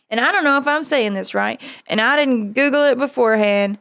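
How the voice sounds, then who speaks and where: A woman's voice: on the high side, a little fast, creaky, hardly any pauses, a bit bright, smooth, no room sound, clean studio sound. A woman hosting a podcast in casual chat, blunt and profane, laughing often. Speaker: podcast host.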